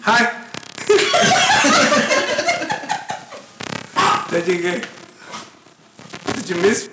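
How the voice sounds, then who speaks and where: A man's voice: extremely high pitch, a little slow. A man playing a brash pregnant girl. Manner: crude, slangy, laughing through lines. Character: pregnant young woman, brash and foul-mouthed. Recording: echoey room, loud background noise.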